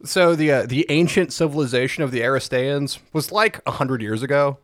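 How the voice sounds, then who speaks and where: A man's voice: medium pitch, brisk, dry recording, clean studio sound. A man co-hosting a podcast, chiming in on a game's story with laughs and profanity. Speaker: podcast co-host. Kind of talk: casual podcast chat recapping a game.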